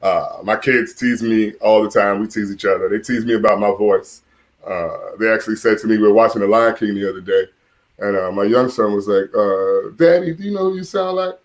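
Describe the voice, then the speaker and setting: Deep-voiced man doing stand-up comedy. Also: flat delivery, normal speed. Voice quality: deep voice, often compared to Mufasa. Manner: chuckles at his own jokes, many "uh" fillers. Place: seated in a room at home.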